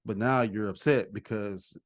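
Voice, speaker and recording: A man chats on a podcast in a relaxed, easygoing way. He slips into other voices when he quotes people. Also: fairly low pitch, measured pace. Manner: relaxed storytelling with quoted dialogue, laughs often. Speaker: co-host, husband. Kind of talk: casual podcast conversation.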